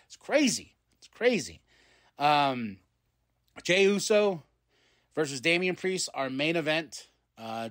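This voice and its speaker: A man's voice: a little high, a bit bright. Rambling man recapping wrestling. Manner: rambling, acts out quotes in quick voices. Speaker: podcast host.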